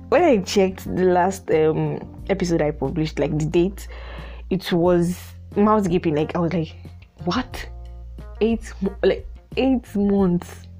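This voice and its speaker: A woman's voice: on the low side, mellow. A young woman from Nigeria with a Nigerian accent, hosting her own podcast in casual solo chat, chatty with frequent "like" fillers. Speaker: podcast host.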